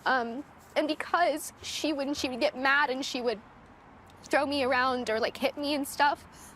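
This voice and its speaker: A young woman with a fairly high voice recounts a painful past in an interview. She speaks hesitantly and nervously. Faint background noise is audible. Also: steady tone, measured pace, a bit bright. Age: young adult. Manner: hesitant, shaky, with nervous laughs. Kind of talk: emotional personal testimony.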